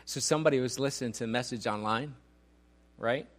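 A man's voice: medium pitch, brisk. A middle-aged male pastor giving a conversational sermon, often restarting his sentences and poking fun at himself. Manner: conversational, self-deprecating preaching with many restarts.

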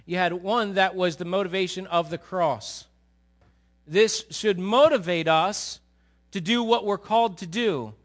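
Male pastor, high voice, storytelling sermon that swings from soft murmurs to forceful peaks. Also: measured pace. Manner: storytelling, drawing on a board as he preaches; drops to a low murmur while telling a story, then rises forcefully.

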